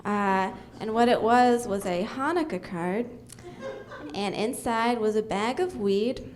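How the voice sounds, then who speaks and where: A young woman doing a deadpan stand-up comedy set on a club stage, with many ums and uhs. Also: on the high side, takes it slowly.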